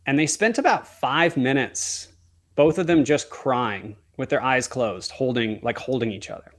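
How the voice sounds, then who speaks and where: A man's voice: medium pitch, unhurried. A man, a wedding photographer, telling a heartfelt story as a podcast guest, earnestly acting out the dialogue he quotes.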